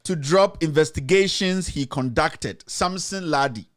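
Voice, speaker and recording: A man's voice: fairly high pitch, a little slow. A man hosting a commentary show, mocking and mixing English with Twi. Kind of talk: live commentary.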